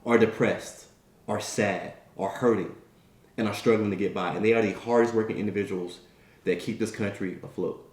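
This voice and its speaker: A man's voice: lowish voice, normal speed, echoey room. A man giving a motivational talk, telling a story in a conversational way and acting out the people in it. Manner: animated storyteller acting out quoted characters; conversational, repeats "right?" and "you know". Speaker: motivational speaker.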